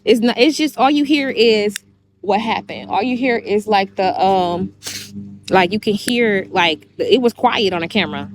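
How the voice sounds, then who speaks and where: In a heated livestream monologue, a woman with a somewhat high voice rambles through a long story, cursing and repeating herself, against a noisy background.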